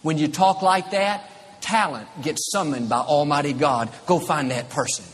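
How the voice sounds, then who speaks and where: Man preaching emphatic repetitive sermon, kinda high voice, echoey hall w/ faint background hum. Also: moderate pace. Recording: reverberant hall, faint ambience.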